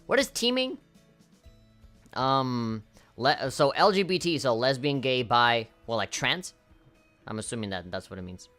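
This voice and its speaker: A man's voice: mid-range voice, big pitch swings, measured pace, pauses often, a bit bright. A man streaming a game, chatting casually in a rambling, laid-back way and swearing often. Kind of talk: casual live-stream chat. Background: game music.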